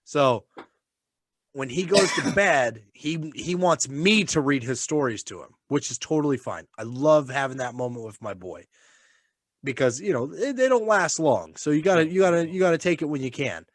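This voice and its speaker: A man's voice: a little high, lively intonation, moderate pace, no room sound, studio quality. A man co-hosting a casual chat. He talks animatedly, swears freely and laughs often. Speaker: podcast co-host and father.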